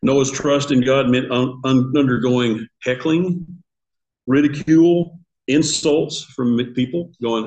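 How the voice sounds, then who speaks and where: A man's voice: mid-range voice, fairly even intonation, takes it slowly, darkish tone, poor audio. Older man teaching a Bible class. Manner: conversational, asks the class questions, chuckles at his own asides. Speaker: Sunday school teacher. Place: church classroom.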